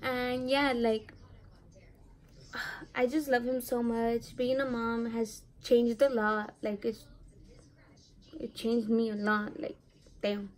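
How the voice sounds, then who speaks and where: A woman's voice: a little high, level tone, takes it slowly, long pauses. A young adult woman telling a personal story to her vlog audience in a chatty, confiding way, full of "like" and "you know.". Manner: chatty, heavy use of "like"; emotional, confiding. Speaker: vlogger. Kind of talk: casual storytelling to camera.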